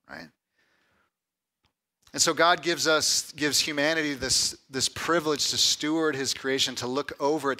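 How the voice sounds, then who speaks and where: A man preaching a conversational sermon, often asking "right?" and building to loud, emphatic lists. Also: medium pitch. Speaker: pastor.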